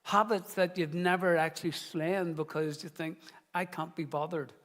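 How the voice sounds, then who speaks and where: A man's voice: fairly high pitch, fairly even intonation, moderate pace, a bit bright, in a large hall. A middle-aged man, the founding pastor of his church, preaching in an earnest, conversational way and telling stories. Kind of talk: sermon.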